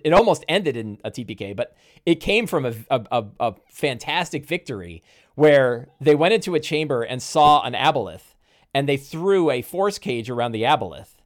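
A man hosting a casual podcast conversation, telling game stories animatedly with many restarts. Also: mid-range voice. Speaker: podcast host and game master.

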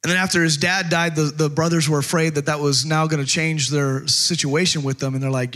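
A man's voice: fairly high pitch, fairly even intonation, a little fast, hardly any pauses, fairly bright tone. A middle-aged man preaching as a pastor, passionate and conversational, often restarting his phrases. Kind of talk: sermon.

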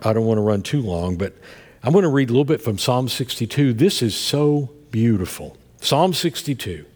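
A middle-aged male pastor preaching and telling a story to his congregation, swinging between soft murmurs and loud outbursts. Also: medium pitch, lively intonation, moderate pace. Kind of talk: sermon. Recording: long hall reverb.

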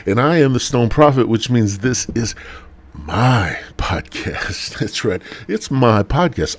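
A podcast host rambles through a crude comedy monologue in a husky, lowish voice. He sounds laid-back and meandering, and he drops into mumbled asides. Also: big pitch swings, slow, long pauses.

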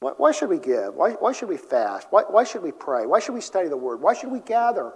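High-voiced pastor preaching in a reverberant hall. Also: male voice, big pitch swings, fairly quick, slightly rough. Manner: earnest, swings between emphatic and soft. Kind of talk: sermon. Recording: long reverb of a large hall.

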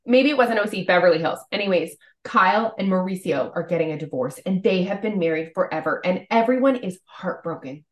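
A woman's voice: lowish voice, animated, brisk, hardly any pauses, reverberant. A woman co-hosting a podcast, chatting casually and filling her talk with "like". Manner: chatty, lots of "like" fillers. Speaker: podcast co-host. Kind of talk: casual chat.

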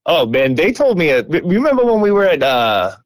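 A man on a podcast chatting casually, telling a story with swearing and quick jumps in his voice. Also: no room sound. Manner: lively, swearing, jumps between pitches. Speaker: podcast co-host.

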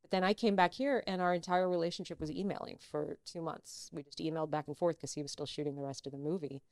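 Middle-aged woman on a podcast, lowish voice, super dry close sound, jumps into voices when she quotes people. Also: fast talker, no echo. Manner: animated, acts out quoted dialogue. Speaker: actress and interview guest. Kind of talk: casual storytelling in an interview.

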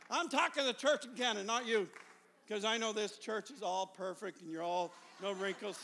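Middle-aged male evangelist, very high bright voice, shouts then confides, echoing hall. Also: brisk, gravelly. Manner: swings between shouted fervor and quiet confiding. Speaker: evangelist preacher. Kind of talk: sermon. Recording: long hall reverb.

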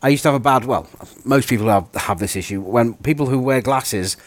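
A man's voice: mid-range voice, a little fast, no echo, studio quality. A young man co-hosting a podcast, telling stories in a rambling, self-mocking way. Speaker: podcast co-host. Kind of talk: casual chat.

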